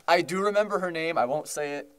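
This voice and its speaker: A man's voice: fairly high pitch, fairly quick, fairly bright tone. A young man co-hosting a podcast, chatting casually, rambling with many fillers and restarts and laughing often. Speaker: podcast co-host. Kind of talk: casual chat.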